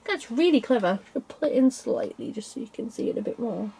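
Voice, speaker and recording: A woman's voice: on the high side, animated, a little fast, vocal fry, mellow, breathy edge. A young woman chatting casually about cross stitch designs, tired and yawning, rambling with small laughs. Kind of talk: casual chat.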